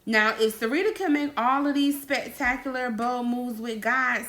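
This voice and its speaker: A woman's voice: on the high side, moderate pace, few pauses, a bit bright. Bold, preachy woman. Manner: bold, preachy, playful, acts out dialogues. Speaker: faith coach and speaker. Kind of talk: casual motivational talk.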